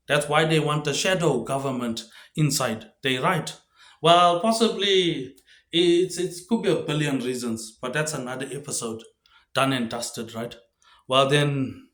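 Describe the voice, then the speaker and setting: Man, fairly high voice, rambling monologue, drops low and quiet on tag words, roomy echo. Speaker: video host.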